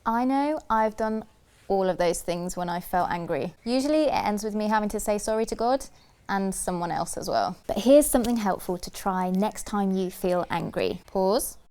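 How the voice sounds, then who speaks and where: Woman giving a gentle kids' talk. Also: medium pitch, animated, moderate pace, smooth. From United Kingdom. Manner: gentle, questioning, rhythmic repetition. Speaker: children's church presenter.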